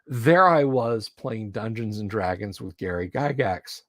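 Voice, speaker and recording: A man's voice: on the low side, lively intonation, unhurried, dry recording. A middle-aged man streaming, chatting casually and telling rambling anecdotes close to his mic. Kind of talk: casual chat.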